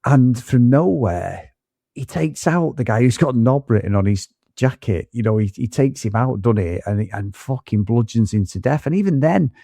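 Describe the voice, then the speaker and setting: A man's voice: medium pitch, normal speed, gravelly, no echo. A man co-hosting a film podcast, chatting casually, swearing often and acting out lines from the film. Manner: animated, swears a lot, acts out film lines. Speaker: podcast co-host. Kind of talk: casual film review chat.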